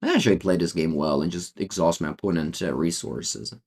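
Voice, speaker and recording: Italian guy streaming a card game, deep voice, rambles and ums a lot while chatting to viewers. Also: a little fast, a little mellow, breathy edge. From Italy. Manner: rambling, many fillers and restarts. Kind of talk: casual gameplay commentary, answering chat.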